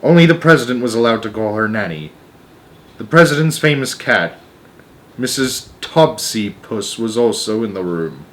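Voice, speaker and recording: A man reading a children's book aloud as a storyteller, with an animated delivery. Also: lowish voice, normal speed.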